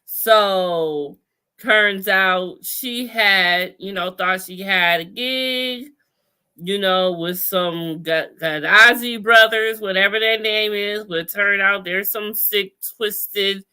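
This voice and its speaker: A woman's voice: medium pitch, slow pace, pushed and bright, clean tone. A woman co-hosting a casual TV recap chat, laid-back and profane, laughing often. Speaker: podcast co-host.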